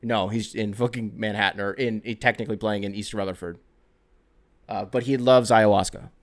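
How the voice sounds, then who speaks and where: A man's voice: fairly low pitch, steady tone, moderate pace. A man hosting a solo sports podcast, telling stories in a rambling, profane, jokey way. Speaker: podcast host.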